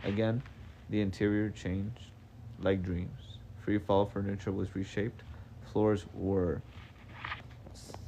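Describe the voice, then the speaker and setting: A man's voice: fairly low pitch, warm tone, a little hiss or hum. A man doing a live reading of a novel, casual and unpolished, with stumbles and self-corrections. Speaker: reader.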